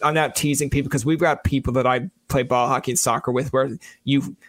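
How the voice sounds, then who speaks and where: A man's voice: medium pitch, steady tone, a little fast, fairly bright tone, no echo. A man in casual podcast chat, telling self-deprecating stories and acting out his own lines. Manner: joking storyteller who acts out his own lines.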